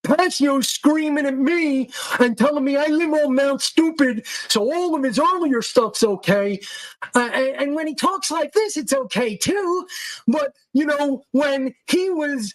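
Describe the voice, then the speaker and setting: A man's voice: very high-pitched, unhurried, dry recording, voice pushed up, low-quality recording. A man mimicking a defensive, sulky male follower in a mocking, sing-song whine.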